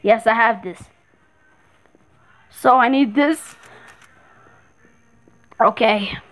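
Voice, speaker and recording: A woman giving excitable commentary while playing a horror game, repeating words in rapid bursts. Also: fairly high pitch, poor audio. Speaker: gameplay streamer.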